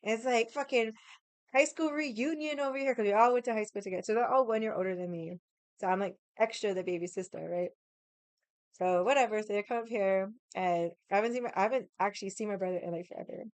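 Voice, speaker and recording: A young woman tells a long story at home with a drink in hand, wandering off topic and cursing freely. Her voice is smooth and clear. It is recorded close and dry. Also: medium pitch, fast talker, no echo. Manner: swears freely, drifts into tangents; drinking while chatting. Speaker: vlogger. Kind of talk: casual storytelling.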